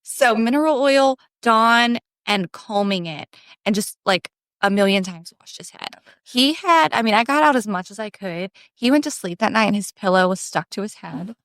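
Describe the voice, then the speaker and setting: Animated woman storyteller, dry close mic. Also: mid-range voice, moderate pace, no room sound. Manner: animated storyteller, lots of "like" fillers. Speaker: podcast co-host. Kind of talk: casual chat, storytelling.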